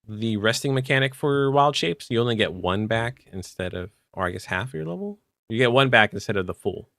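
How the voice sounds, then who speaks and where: A man co-hosting a podcast, chatting casually about tabletop game rules with relaxed fillers. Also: mid-range voice, brisk, creaky, no room sound, clean studio sound. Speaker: podcast co-host.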